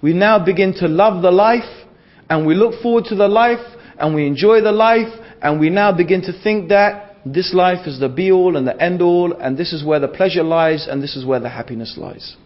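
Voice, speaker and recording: Man, high voice, religious lecture, rhetorical repetition, dull lo-fi recording. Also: normal speed. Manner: rhetorical, repeats phrases for emphasis. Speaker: Islamic lecturer.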